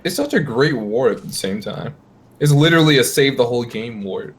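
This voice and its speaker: A man's voice: mid-range voice, expressive, fairly quick, slightly rough. Playful jokey male co-caster. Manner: playful, jokey, asks questions. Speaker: esports co-commentator. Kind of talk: casual live game commentary.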